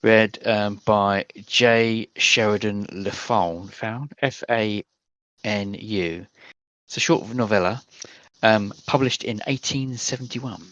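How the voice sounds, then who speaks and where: A man's voice: on the low side, slow, a bit bright, no echo, highs cut off. A man narrating a tabletop game as game master, hesitant and full of fillers, over voice chat. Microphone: headset or desk mic over voice chat.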